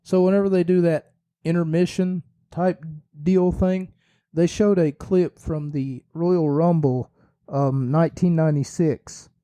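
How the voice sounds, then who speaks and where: A man hosting a solo wrestling podcast, rambling and correcting himself with jokes, his voice a little hoarse. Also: a little high, fairly even intonation, unhurried, mellow, no echo. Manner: rambling, self-correcting, jokey. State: slightly hoarse, losing his voice. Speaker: podcast host.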